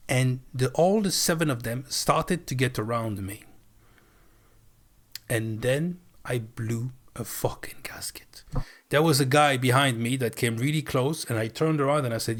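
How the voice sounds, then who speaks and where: Male streamer, middle pitch, animated and profane storyteller. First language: French. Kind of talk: casual storytelling. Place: live stream.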